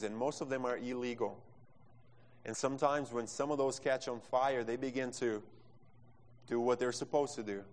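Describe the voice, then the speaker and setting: A man of middling pitch preaches, his words rolling with passion and a learner's phrasing. He speaks into a microphone, and a long hall reverb trails behind every line. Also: darkish tone. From Brazil. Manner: impassioned preaching, non-native phrasing, acts out quotes. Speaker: pastor. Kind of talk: sermon.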